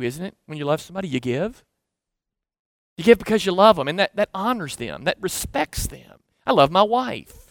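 A middle-aged man with a Southern American accent preaching a sermon conversationally, building up emphatic lists and then dropping to hushed asides. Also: sits high, dry recording, studio quality. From Southern United States. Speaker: pastor.

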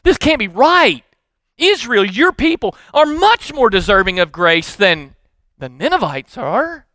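A resentful male prophet rails at God, his voice pitched high and sharp, as a preacher acts him out. The sound is close and dry, with no room around it. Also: big pitch swings, a little slow, no echo, full character voice. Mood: indignant protest. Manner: indignant, protesting.

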